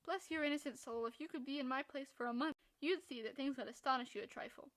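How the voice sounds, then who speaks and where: A woman voicing a charming, playfully mocking young gentleman in a storybook reading. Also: high-pitched, fast talker. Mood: teasing.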